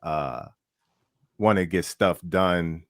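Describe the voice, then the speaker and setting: Deep-voiced relaxed male musician, dry sound. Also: slow, no echo. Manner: relaxed, rambling, many fillers. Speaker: musician guest. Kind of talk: casual interview chat.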